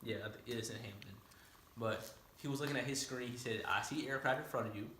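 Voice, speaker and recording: A man, a student pilot, telling a story in a casual way, rattling off radio calls in quick aviation jargon and explaining the terms. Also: mid-range voice, pushed and bright, reverberant, slight background noise. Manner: explains terms to a listener, often asking "right?".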